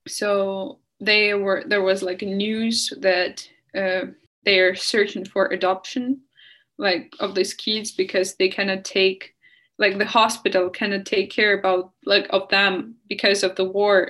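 A young woman speaks in an earnest, impassioned way. Her voice sits in a middle pitch, and she often pauses and restarts mid-sentence as she answers an interviewer. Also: fairly bright tone. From Ukraine. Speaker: guest.

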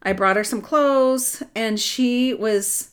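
A middle-aged woman telling a personal story in casual chat, animated and rambling, with restarts. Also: fairly high pitch, slow, clean tone. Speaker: adoptive mother telling her story.

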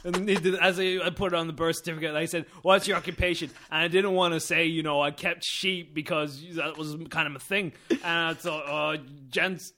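A man's voice: a little high, fairly even intonation, brisk, few pauses, sharp tone. A man voicing a crude, boastful Lancashire explorer in a put-on Lancashire accent, rambling and laughing through bawdy jokes.

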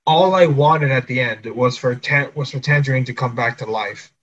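Male podcast co-host, husky, enthusiastic, dull lo-fi recording. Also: mid-range voice, moderate pace, fairly bright tone. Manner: enthusiastic, earnest defending, swears casually. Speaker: podcast co-host reviewing a film. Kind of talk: casual chat.

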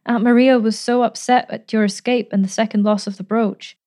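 A woman's voice: a little high, fairly even intonation, brisk, darkish tone, pitched above the performer's own voice, lightly acted. A woman reading a storybook, voicing an eager, timid eighteen-year-old girl who speaks earnestly and stammers a little.

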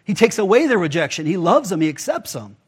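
A man's voice: sits high, sing-song, quick pace, husky. A man pastor giving a casual, conversational sermon, full of rhetorical questions to the congregation.

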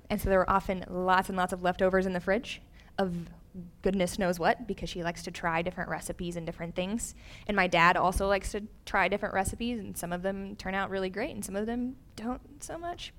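Young woman preacher, storytelling sermon, animated quotes, everyday mid pitch.

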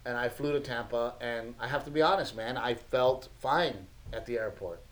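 A man's voice: mid-range voice, normal speed, rough recording. A man in his thirties, a podcast co-host, telling family stories in a casual chat, laughing often and acting out his son's lines.

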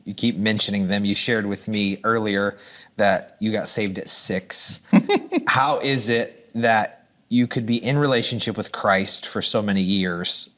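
A man's voice: lowish voice, a bit bright. A man interviewing a guest, attentive and asking probing questions. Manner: attentive, brief affirmations.

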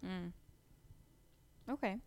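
A woman's voice: very slow, a little mellow. A young woman co-hosting a podcast, chatting casually and retelling book plots with lots of "like" and "um". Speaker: podcast co-host. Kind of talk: casual chat.

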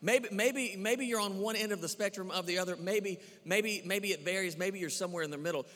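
A male pastor delivers a sermon and prayer to his congregation, earnest and repetitive, often stumbling on "uh" and restarting lines. His voice sits on the higher side for a man. A long church-hall reverb trails after each phrase. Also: fairly quick, fairly bright tone. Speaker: campus pastor. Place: church sanctuary.

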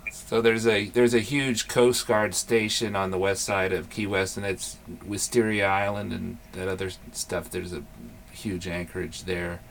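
A man hosting an interview and asking casual questions, with many pauses and fillers. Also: low voice, little pitch movement, gravelly, slight background noise. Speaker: host and author. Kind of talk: podcast interview.

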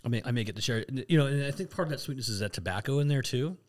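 A man's voice: mid-range voice, lively intonation, rapid-fire. A man co-hosting a casual whiskey tasting, talking in a rambling way, often restarting and laughing at himself. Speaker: podcast co-host.

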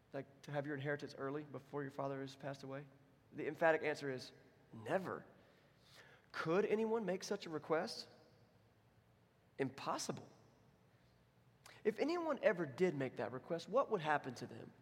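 A man's voice: fairly high pitch, long reverb tail. A man preaching a sermon as pastor, in a conversational, self-deprecating way. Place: church.

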